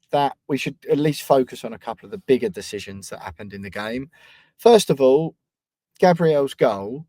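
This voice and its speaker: A man's voice: a little high, a little mellow, dry recording. A man hosting a football podcast in a chatty, self-mocking way. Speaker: podcast host. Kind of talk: casual podcast chat.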